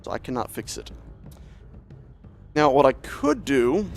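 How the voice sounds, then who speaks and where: A man's voice: medium pitch, sing-song, a little slow, creaky, pauses often, faint music behind. A man streaming a building game, talking casually and joking at himself as he plays. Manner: chatty, self-mocking, talks to himself while playing. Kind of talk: casual gameplay commentary.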